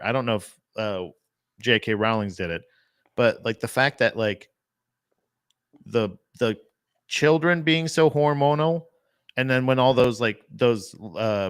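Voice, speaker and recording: A man's voice: medium pitch, smooth, no room sound, studio quality. Profane, rambling male host. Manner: profane, rambling, laughs often. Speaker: podcast host. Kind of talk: casual comedic chat.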